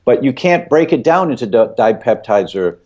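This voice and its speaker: A man's voice: mid-range voice, very animated, moderate pace, darkish tone, lo-fi sound. Middle-aged guy guest explaining stuff on a podcast, really emphatic, voice goes up and down a lot. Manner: emphatic, repeats key points with vivid analogies. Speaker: guest expert.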